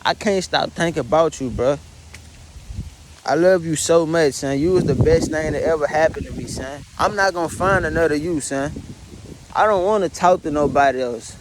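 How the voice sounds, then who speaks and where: With background noise audible, a young man vents through tears in a confessional bedroom vlog, distraught, profane and repetitive, constantly calling the listener "son." His voice is on the high side and his pace moderate.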